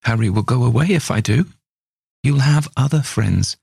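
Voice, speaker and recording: A man voicing an anxious, loving adoptive mother in a spoken ghost story, pleading in a raised pitch. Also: expressive, normal speed, vocal fry, darkish tone, husky, dry recording, clean studio sound.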